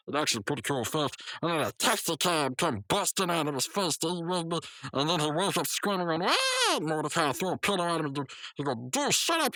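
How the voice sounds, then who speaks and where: A man co-hosting a podcast, casually recapping a cartoon episode in a slangy, animated way and acting out the characters' lines in voices. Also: fairly high pitch, dry recording, low-quality recording. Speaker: podcast co-host.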